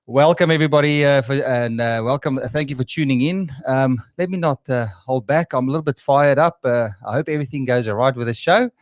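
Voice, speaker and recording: A man's voice: mid-range voice, fairly quick, few pauses, no echo, clean studio sound. An Australian man hosting a live online Q&A, chatting casually with lots of fillers and restarts. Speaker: show host.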